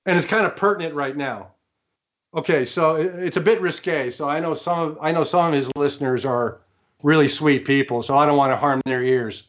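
A man's voice: on the high side, a little fast. A man guest, a former studio engineer, telling stories animatedly with laughter and frequent restarts. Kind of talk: anecdotal storytelling. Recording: slightly muffled remote audio.

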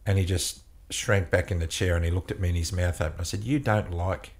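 A man, a couples counselor, telling a long story in an interview, often halting and repeating words. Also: low-pitched, level tone.

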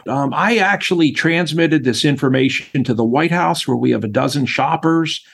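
A middle-aged man, a former chef and interview guest, telling stories in an animated way and acting out voices. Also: fairly high pitch, normal speed, vocal fry, slightly rough. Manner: animated storyteller, acts out voices. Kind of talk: storytelling interview chat.

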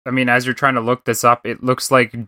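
Casual gaming-show host, male, Canadian accent, bright dry voice, rambling and swearing. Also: mid-range voice, monotone, a little fast, no room sound. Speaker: podcast host.

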